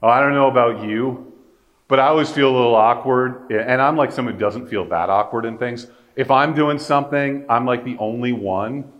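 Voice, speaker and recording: A man's voice: medium pitch, moderate pace, lo-fi sound. A man preaching a sermon in a casual, conversational way with joking asides.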